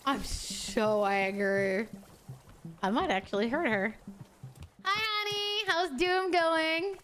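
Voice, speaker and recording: A woman's voice: high-pitched, slow pace, fairly bright tone, a little hiss or hum. A young woman streaming a game, chatting casually with over-the-top, profane outbursts. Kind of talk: casual game livestream chat.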